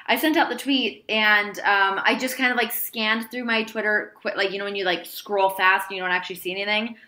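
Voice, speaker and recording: A woman's voice: medium pitch, steady tone, fairly quick, bright, forceful tone. A woman co-hosting a podcast in casual chat, playful and laughing often, stretching words for emphasis. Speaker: podcast co-host.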